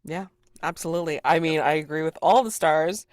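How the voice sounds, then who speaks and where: Brief: chatty player in a game recap, mid pitch, very dry audio. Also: a little fast, no room sound. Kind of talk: casual post-session recap.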